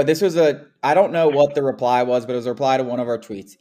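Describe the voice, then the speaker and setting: A man's voice: mid-range voice, quick pace. A young man co-hosting a casual sports podcast, ranting with lots of "like" and "dude.". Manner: animated ranting, frequent "like" and "dude". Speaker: podcast co-host.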